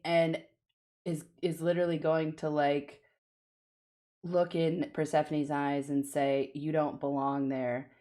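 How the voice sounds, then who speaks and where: Slow, low-voiced woman player, rambling through her turn with lots of fillers. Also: warm tone. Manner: rambling, many filler likes, laughs between actions. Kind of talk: narrating a tabletop game move.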